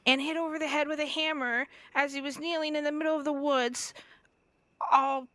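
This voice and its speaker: A woman in a roleplay game, telling a story in a relaxed, conversational way. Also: sits high, normal speed, no room sound. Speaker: fellow roleplay player. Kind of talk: in-character roleplay chat.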